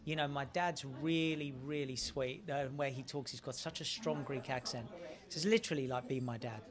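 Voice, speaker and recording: A man's voice: medium pitch, fairly even intonation, normal speed. A man with an Australian accent answering questions as an actor in a casual press interview, chatty and friendly, often restarting his phrases.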